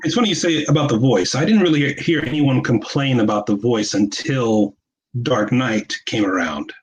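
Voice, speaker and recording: A man's voice: mid-range voice, expressive, normal speed, slight background noise, rough recording. A man in a casual movie discussion who asks questions and often restarts his sentences with hesitation. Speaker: podcast co-host.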